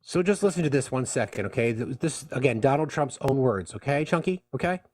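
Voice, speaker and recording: A man's voice: medium pitch, lively intonation, a little fast, darkish tone, dry recording. A man hosting a debate, pressing his guests bluntly with pointed questions. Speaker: host. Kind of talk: moderating a debate.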